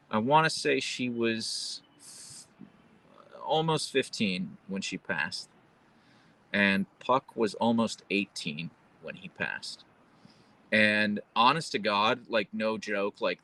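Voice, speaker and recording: A man's voice: on the low side, pushed and bright, low-quality recording. A man hosting a casual live stream at home, chatting in a rambling way full of fillers and restarts. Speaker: livestream host. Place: at home, with his dogs.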